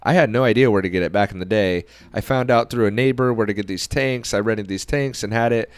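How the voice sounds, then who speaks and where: Smooth-voiced man telling a podcast story. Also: on the low side, fast talker, no echo. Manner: animated storyteller who acts out quoted dialogue. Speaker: podcast host.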